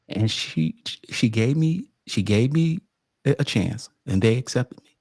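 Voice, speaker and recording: A man from California telling a story in casual podcast chat, animated and emphatic, insisting he is not making it up. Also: on the low side, moderate pace, vocal fry, dry recording, studio quality. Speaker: sports podcast roundtable co-host.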